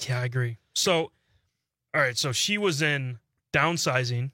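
A man's voice: mid-range voice, measured pace, bright, forceful tone, no echo, clean studio sound. A man co-hosting a talk radio show, chatting in an easygoing way and chuckling along. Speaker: radio co-host. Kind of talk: casual talk radio banter. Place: radio studio.

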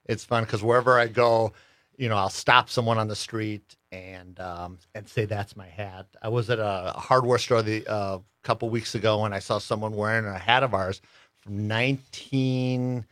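A middle-aged man, a business owner, speaking as a guest in a radio studio in an easygoing, halting way with many fillers. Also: on the low side, fairly even intonation, fairly bright tone, no room sound. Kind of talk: radio interview conversation. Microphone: studio microphone.

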